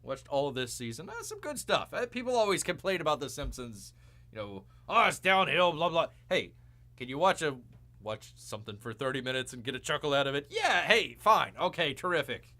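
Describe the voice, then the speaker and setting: Animated man doing mock-outraged movie chat. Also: medium pitch, a little fast. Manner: refers to himself in third person as Bear, jokey, mock-outraged. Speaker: live show host. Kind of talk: rambling casual commentary.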